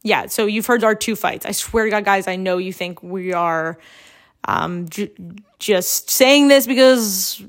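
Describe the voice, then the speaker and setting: A young woman co-hosting a casual podcast, chatty and quick to laugh. She talks in a loose, rambling way, full of fillers and restarts. Her voice sits at an ordinary middle pitch for a woman. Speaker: podcast co-host.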